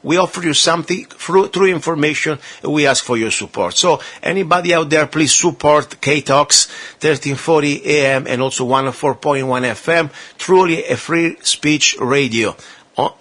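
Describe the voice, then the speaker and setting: A man's voice: fairly high pitch, a bit bright. A male talk radio host interviewing a guest and making earnest, persuasive appeals to his listeners.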